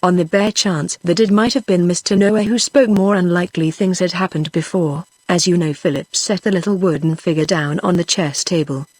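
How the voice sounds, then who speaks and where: A text-to-speech woman's voice with a British English accent, reading a children's storybook aloud in an even, steady way. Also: fairly low pitch, moderate pace, hardly any pauses, no room sound. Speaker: audiobook narrator. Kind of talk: scripted narration.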